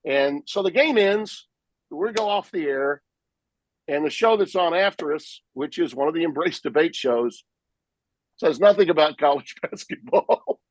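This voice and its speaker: Animated sportscaster telling game stories. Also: male voice, on the high side, normal speed, no echo, rough recording. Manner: animated, vivid storyteller who acts out his own play calls. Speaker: sportscaster guest. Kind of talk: storytelling in a podcast interview.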